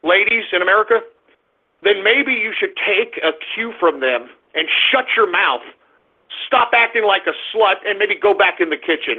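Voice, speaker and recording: A middle-aged man hosting a radio show, ranting angrily and often breaking into shouts. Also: high-pitched, expressive, normal speed, breathy edge. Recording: tinny phone-like audio.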